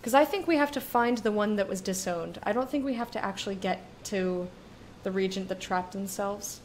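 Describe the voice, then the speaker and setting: A woman streaming a video game and chatting casually with her viewers, talking in a drawn-out way that lingers on words. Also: mid-range voice, slight background noise.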